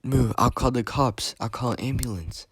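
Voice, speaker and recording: A man's voice: little pitch movement, brisk, no echo, studio quality, natural voice. A man voicing a desperate, hot-tempered young man who pleads and cries out. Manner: pleading, raises his voice high.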